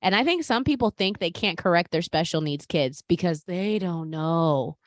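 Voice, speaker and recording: A woman hosting a podcast in casual chat, animated and talking straight to her listeners. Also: on the low side, normal speed, no room sound, clean studio sound. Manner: animated, talks to listeners as "you guys". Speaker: podcast host.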